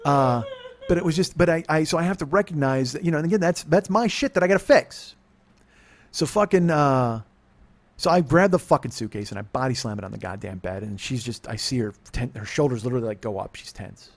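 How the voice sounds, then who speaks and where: A podcast host in his forties tells a confessional story on his comedy podcast at a fairly quick pace. He's profane and self-deprecating, dropping to a low mutter before bursting out loud.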